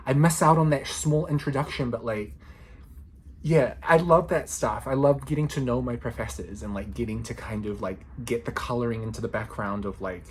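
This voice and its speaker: A man's voice: mid-range voice, moderate pace, breathy edge. A man in his thirties, a law student, chatting casually to camera in a playful, slangy way, often breaking into laughter. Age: 30s.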